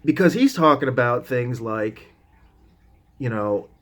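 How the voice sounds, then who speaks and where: A man is casually telling a long story to the camera and wandering off into side remarks as he goes. He talks at a middle pitch, loosely and conversationally, and his sentences often restart and trail off. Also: expressive, measured pace. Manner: casual, drops the odd swear word. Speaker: vlogger. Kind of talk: rambling anecdotal storytelling.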